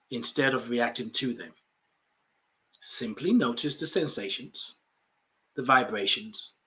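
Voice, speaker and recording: A man's voice: mid-range voice, sharp tone. A man hosting a spiritual coaching podcast, emphatic and repeating key phrases, with playful asides. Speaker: life coach and podcast host.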